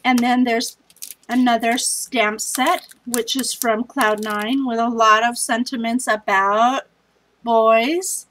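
A woman hosts a scrapbooking challenge video from home, sounding worn out. Her talk is chatty and scattered, full of self-deprecating asides. Her voice sits a little higher than most women's. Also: steady tone, slow pace, fairly bright tone, low-quality recording. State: tired. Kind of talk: casual vlog chat.

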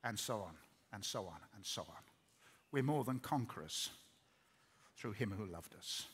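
A man's voice: lowish voice, expressive, a little slow, slightly rough. A middle-aged man preaching a sermon in earnest, repeating words as he builds up. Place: large hall.

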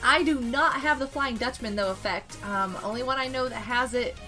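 A woman streaming a game, chatting casually and excitably, greeting and thanking her viewers. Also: fairly high pitch, moderate pace, soft background music. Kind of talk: casual live-stream chat while gaming.

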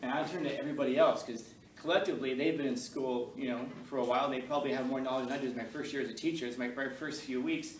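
A middle-aged male high school teacher leading a class discussion and telling a story, animated, laughing, and acting out voices. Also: very fast, few pauses, a little hiss or hum. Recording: echoey classroom from far off, faint ambience.

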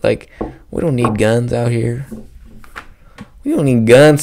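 A man's voice: medium pitch, slow pace, vocal fry, pauses often, a little mellow. A young man hosting a solo podcast, rambling and joking with lots of profanity. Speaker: podcast host. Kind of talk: casual solo podcast rant. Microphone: podcast microphone.

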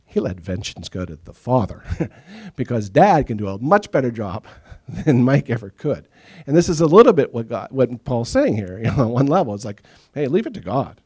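A man's voice: medium pitch, moderate pace, husky. A middle-aged man preaching a sermon as pastor, telling stories and acting out the people he quotes. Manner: animated storytelling, acts out quoted voices. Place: church sanctuary.

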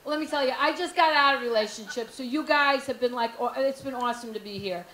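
A woman's voice: high voice, fast, pushed and bright. A woman doing a stand-up comedy set, brash and frank, teasing the crowd. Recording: echoey club room, faint noise.

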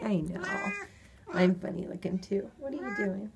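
A woman's voice: mid-range voice, expressive, moderate pace, noisy background. A woman playing with cats and talking to them in sing-song baby talk in a home video. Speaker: cat caretaker. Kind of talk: cooing at cats.

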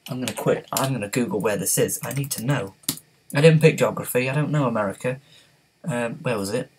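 A man's voice: medium pitch, a little fast, darkish tone, slight background noise, poor audio. A man hosting a casual gaming livestream, rambling, giggling and reading out the chat. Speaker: livestream host.

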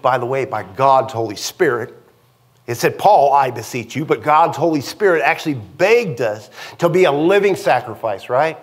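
Lively, high-pitched male pastor preaching. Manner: animated, conversational preaching with frequent asides to the congregation. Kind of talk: sermon. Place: church.

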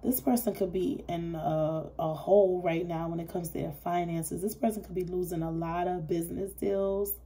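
A woman giving a casual tarot reading in a blunt, animated way, swearing freely. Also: lowish voice, moderate pace, few pauses. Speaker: tarot reader.

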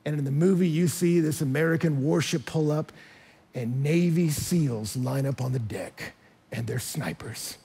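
A man preaching to a church with a husky, slightly high voice. He talks emphatically, his voice jumping up and getting loud when he hammers a point home. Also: moderate pace. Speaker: pastor. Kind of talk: sermon. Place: church hall.

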